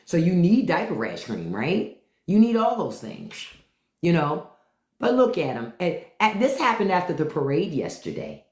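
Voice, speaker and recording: A woman's voice: on the low side, very animated, moderate pace, darkish tone. A woman hosting a live stream, ranting bluntly and profanely and mocking the people in her chat. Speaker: podcast host on a live stream. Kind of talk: unfiltered live-stream rant. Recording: echoey room.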